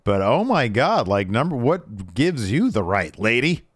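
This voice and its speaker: A man co-hosts a podcast in casual chat, his pitch swinging lively and wide as he jokes and sighs over what he's recapping. The sound is dry and close, with no room around him. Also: a little slow, husky, no echo. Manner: animated, joking, exasperated asides. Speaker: podcast co-host.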